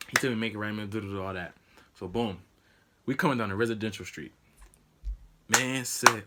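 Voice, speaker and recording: Young male vlogger, casual storytelling, lively voice, noisy recording. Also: a little fast. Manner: animated, acts out quotes with sudden high-pitched outbursts.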